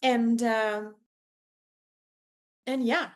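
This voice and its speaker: A woman's voice: fairly high pitch, fairly even intonation, drawn-out words. A young woman hosting her podcast, telling a personal story in an effusive way, with lots of "like" and acted-out quotes. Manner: effusive, heavy use of "like", acts out quoted voices. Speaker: podcast host.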